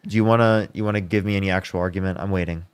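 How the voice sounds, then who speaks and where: A man's voice: sits low, steady tone, very fast, crowd noise. A man hosting a live online debate, pressing insistently and repeating his demands. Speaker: debate livestream host.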